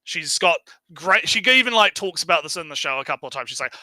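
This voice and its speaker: A man on a stream, recapping an anime in casual chat, animated and swearing, acting out quotes. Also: on the high side, fairly quick, few pauses, dry recording, rough recording. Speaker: stream co-host.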